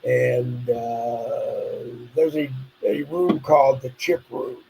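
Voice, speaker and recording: Gravelly guy co-hosting a live stream, chatty, bit of noise in the back. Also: mid-range voice, slow pace, darkish tone, rough recording. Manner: chatty, loose storytelling. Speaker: co-host. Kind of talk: casual live-stream chat.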